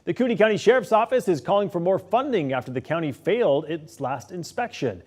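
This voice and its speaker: A male news anchor with a slightly high-pitched voice reads the late local news. His delivery is steady and measured, moving smoothly from story to story. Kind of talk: scripted news reading.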